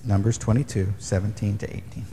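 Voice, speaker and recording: A man teaching from the Bible in a relaxed, wry way, reading verses and retelling stories. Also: fairly low pitch, fairly quick, big-room sound, a little hiss or hum. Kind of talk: casual teaching chat.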